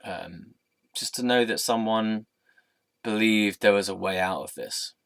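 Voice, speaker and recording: A young man telling a personal story in an earnest, reflective, soft-spoken way. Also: on the low side, measured pace, no room sound. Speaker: vlogger.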